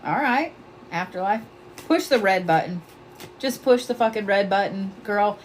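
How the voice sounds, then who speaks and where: A woman's voice: mid-range voice, animated, normal speed, slight background noise. A woman hosting a psychic reading livestream, blunt and profane, laughing often and repeating her points with force. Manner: emphatic, repeats commands to the viewer. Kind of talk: casual livestream chat.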